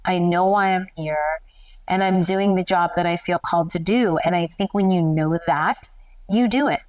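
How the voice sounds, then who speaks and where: Middle-aged woman guest, animated storyteller, laughs a lot, sounds kinda far from the mic. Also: on the low side, normal speed. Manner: animated, emotional, laughs often. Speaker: guest, newborn photographer. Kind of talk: candid interview storytelling.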